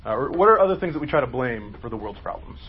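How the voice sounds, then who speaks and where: A man's voice: medium pitch, very animated, fast, lo-fi sound, a little hiss or hum. A man leading a group Bible study, asking questions and explaining in a conversational, emphatic way.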